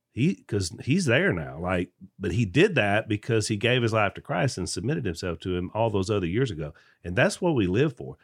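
A man's voice: fairly low pitch, no room sound, studio quality. A man hosting a podcast, talking earnestly with many restarts. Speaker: podcast host. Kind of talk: casual conversation.

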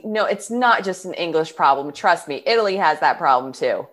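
A woman's voice: fairly low pitch, lively intonation, a little fast. Opinionated woman in casual sports chat. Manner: eager, opinionated sports talk.

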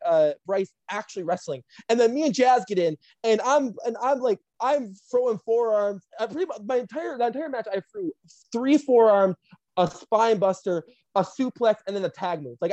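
Woman wrestler, casual profane storyteller, animated delivery, dry close sound. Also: medium pitch, no room sound. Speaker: professional wrestler.

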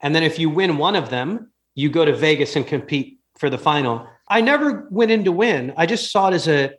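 A fairly high-voiced young man talks as a guest on a podcast. He tells stories in a quick, animated way, full of restarts. His easy, joking chat carries a comedian's timing. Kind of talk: casual storytelling chat.

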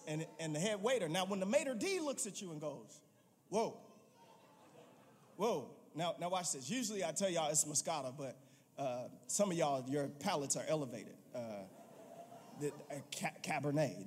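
A male pastor preaching a sermon, telling the story with animated, playful asides and building to emphatic calls. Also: fairly high pitch, a little hiss or hum. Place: church sanctuary. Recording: long reverb in a large sanctuary.

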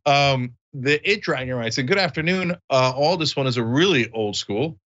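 A man hosting a casual podcast, bantering and reading viewer comments, often jumping into high mock voices. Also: normal speed, highs cut off. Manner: animated, jumps into high mock voices for quotes. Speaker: show host.

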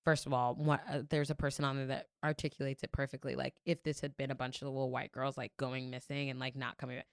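A woman's voice: very deep voice, level tone, fast talker, few pauses, clear, resonant tone, no room sound, studio quality. A young adult woman in a casual podcast chat, telling a story with lots of "like" fillers and free swearing. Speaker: podcast guest.

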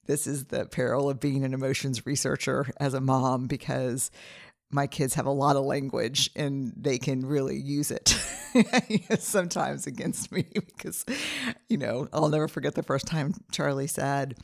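A woman's voice: extremely low pitch, fairly even intonation, moderate pace, creaky, a little mellow, no echo, studio quality. A middle-aged woman hosting her own podcast, talking earnestly and personally as she walks through a numbered family plan with stories from home. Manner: earnest, personal, listing steps with anecdotes. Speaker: podcast host. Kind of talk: reflective solo podcast talk.

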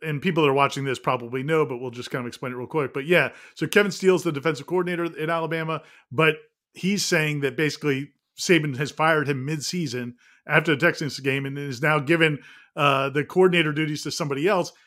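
A man's voice: a little high, steady tone, quick pace, pushed and bright. A man co-hosting a casual sports chat show, explaining background in an easy, laughing way.

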